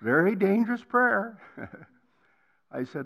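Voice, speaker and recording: Older male guest preacher with a bright, forceful, fairly high voice, giving an emphatic testimony that drops to a hush and rises to full volume. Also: animated, normal speed. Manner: emphatic, swings between hushed and loud. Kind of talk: personal testimony sermon. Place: college campus hall.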